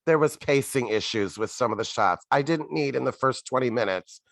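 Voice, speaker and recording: A man's voice: mid-range voice, normal speed, vocal fry, dry recording. A man co-hosting a podcast, chatting casually with blunt, sarcastic complaints. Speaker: podcast co-host. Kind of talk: casual chat.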